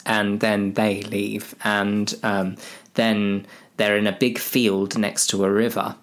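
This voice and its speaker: A man's voice: fairly low pitch, flat delivery, slow. Male storyteller, rambling and self-mocking, lots of ums. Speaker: comedic storyteller. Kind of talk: rambling comic plot retelling.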